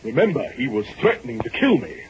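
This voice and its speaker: A man's voice: medium pitch, big pitch swings, brisk, lightly acted. An actor playing a nervous, evasive businessman under suspicion in a 1940s-style radio drama, defensive and protesting. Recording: lo-fi old radio recording with faint hiss.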